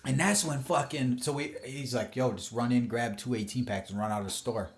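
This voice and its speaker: A man's voice: mid-range voice, a little fast. A middle-aged man hosting a podcast, casually telling old stories with lots of swearing and putting on voices for the people he quotes. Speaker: podcast host. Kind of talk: casual storytelling chat.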